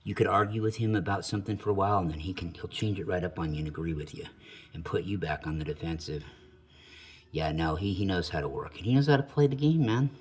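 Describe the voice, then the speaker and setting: Low, husky middle-aged man telling stories. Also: fast. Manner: storytelling, wry and chuckling, swears casually. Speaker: channel host. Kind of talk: casual rambling monologue.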